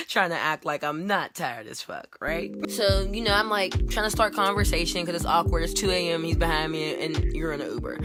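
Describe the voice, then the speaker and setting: A young woman vlogger from Pittsburgh telling wild driving stories in a casual, animated rant, saying "like" constantly and acting out the dialogue. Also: fairly low pitch, normal speed, over loud music. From Pittsburgh, USA. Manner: animated, heavy use of "like", acts out dialogue. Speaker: vlogger and rideshare driver.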